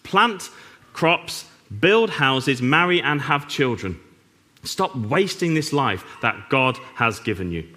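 A man's voice: mid-range voice, very animated, slow, bright, forceful tone, exaggerated voice. A man voicing a blunt, forthright male prophet who scolds his people to get on with life, in a long-reverb hall. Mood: rousing. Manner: brusque, rousing.

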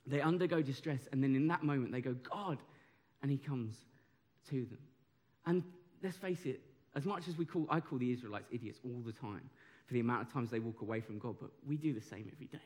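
A young man giving a lively, conversational sermon that draws in his audience. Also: mid-range voice, fast. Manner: animated, conversational, audience participation. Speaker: preacher.

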